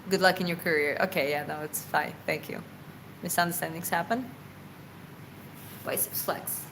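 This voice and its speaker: A woman's voice: on the low side, fairly even intonation, a little fast, vocal fry, background noise. A woman boxer answering viewer questions in a casual livestream Q&A. She talks in an earnest, reflective way, rambles, corrects herself and laughs often.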